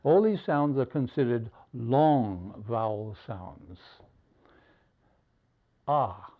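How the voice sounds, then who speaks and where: A man teaching English spelling at a very slow, measured pace, with a lot of rise and fall in his voice. He leaves a gap after each example word. The recording sounds dull and lo-fi. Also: medium pitch, animated. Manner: slow, deliberate, pausing between words.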